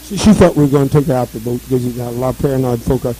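A man's voice: mid-range voice, very fast, mellow, slight background noise, rough recording. A man in casual conversation, chuckling as he retells a friend's story. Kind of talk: casual chat.

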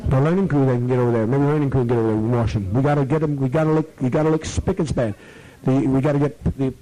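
A man leading a gathering, who rambles, swears freely and gives orders, sometimes slowing into a drawn-out, soothing tone. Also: mid-range voice, steady tone, warm tone, low-quality recording. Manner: profane, commanding, rambling; slows to a drawn-out, soothing tone at times. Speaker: community leader addressing members.

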